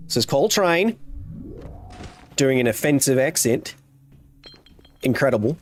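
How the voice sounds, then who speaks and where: A man's voice: mid-range voice, very animated, a little slow, pauses often, faint music behind. A man in his thirties giving playful, jokey live commentary while streaming a game. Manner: playful, jokey, slips into silly voices and exclamations. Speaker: gaming streamer.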